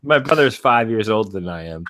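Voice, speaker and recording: A man's voice: fairly low pitch, fairly quick. A man co-hosting a casual podcast, telling a childhood story with lots of laughter. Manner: animated storyteller, laughs through tales. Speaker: podcast co-host. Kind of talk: casual chat.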